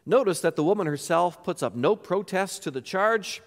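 High-voiced man preaching in a reverberant hall. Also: expressive, normal speed. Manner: emphatic, rhetorical questions. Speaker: pastor. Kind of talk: sermon.

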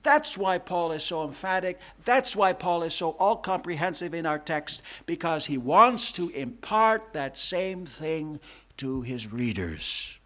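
Male pastor, sermon, slow deliberate delivery, emphatic repetition. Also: lively intonation. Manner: emphatic, repetitive preaching with big swings in pitch and loudness.

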